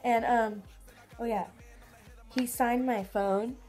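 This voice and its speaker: A woman's voice: a little high, steady tone, takes it slowly, a little mellow, soft background music. A teenage girl telling a vlog story in a giddy, gushing way, full of "like" fillers. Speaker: vlogger.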